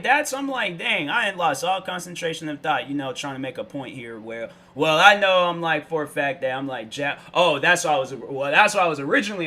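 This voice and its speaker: Young man, casual vlog monologue, slangy, rambling, bright tense voice, slightly high. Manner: rambling, slangy, loses his train of thought. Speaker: show host.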